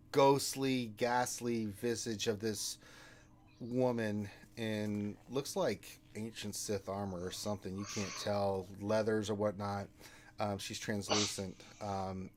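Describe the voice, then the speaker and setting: A man's voice: on the low side, flat delivery, slow. A man narrating a tabletop role-playing game as game master, in a loose, rambling way.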